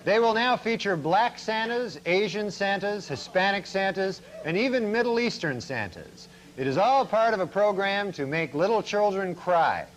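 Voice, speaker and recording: A man reading a comedy news segment in a dry, deadpan delivery, played from a TV clip. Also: high voice, moderate pace, hardly any pauses, slight background noise, low-quality recording. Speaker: mock newscaster. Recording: TV clip with live audience.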